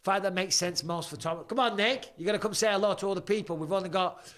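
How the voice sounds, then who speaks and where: A chatty man streams live fight commentary in a high-pitched, fast voice with fairly even intonation. As host, he keeps up jokey banter and reads viewer questions aloud.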